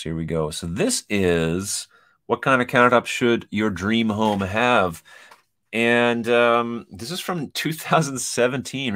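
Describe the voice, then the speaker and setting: Deep voiced guy chatting thru an online quiz, jokey asides, casual. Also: fairly bright tone. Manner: joking, chatty, reads quiz items aloud with asides. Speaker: kitchen designer and host. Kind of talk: casual commentary over a shared screen.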